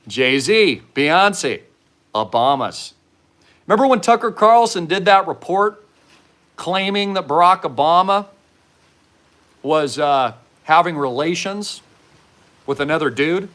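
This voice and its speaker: A man's voice: fairly high pitch, animated, slow pace, long pauses, a bit bright. Fervent man preaching a warning. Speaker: host. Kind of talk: commentary monologue.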